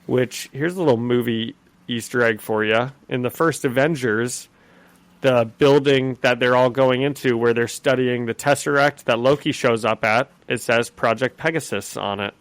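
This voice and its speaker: On a dry recording, a man with a mid-range voice and normal pace co-hosts a podcast. He recaps a comic in casual chat, laughing often and slipping into character voices.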